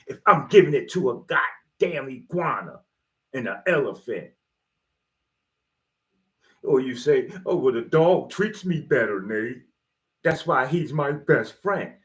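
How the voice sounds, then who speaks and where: A man's voice: on the high side, fairly bright tone. A man giving a rambling motivational monologue, preachy and slangy, with loose jokes and swearing. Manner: slangy, street-style talk. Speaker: motivational video host.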